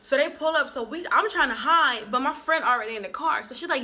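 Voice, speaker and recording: A young woman vlogger telling a story in a casual, animated way, acting out the quoted dialogue. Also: sits high, fast talker.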